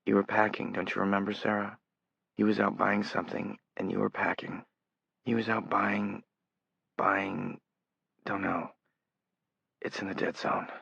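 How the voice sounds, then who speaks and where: A man's voice: on the low side, flat delivery, measured pace, creaky, pauses often, slightly rough, no room sound, heavily acted. Man doing a weak, whispery young man. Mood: distant, eerie. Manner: soft, half-whispered. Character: young man, weak bedridden, teasing then eerie. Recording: dull lo-fi audiobook recording.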